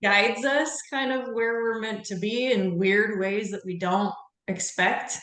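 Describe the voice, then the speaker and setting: A woman's voice: mid-range voice, unhurried, fairly bright tone, echoey room. A woman hosting a podcast, chatting casually and laughing often. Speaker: podcast host. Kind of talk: casual chat.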